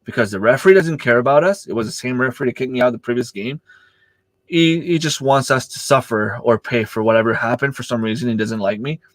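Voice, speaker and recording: A man's voice: fast, no room sound. A man who coaches youth soccer, chatting casually on a livestream, telling stories with lots of fillers and acting out the exchanges. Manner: storytelling, acting out quoted exchanges with rising pitch; hesitant, many fillers and restarts.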